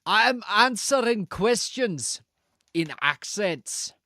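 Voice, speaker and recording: High-voiced, unhurried, profane streamer. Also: male voice, lively intonation, pushed and bright, no room sound, clean studio sound. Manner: rambling, profane, self-mocking. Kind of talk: casual chat with a live audience.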